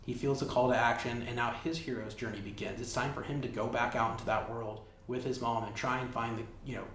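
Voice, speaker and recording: A man's voice: medium pitch, steady tone, quick pace, a bit bright. A man hosting a casual solo podcast, retelling a film plot in a rambling way, full of "like" and swearing. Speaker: podcast host. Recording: roomy backup recording with faint hiss.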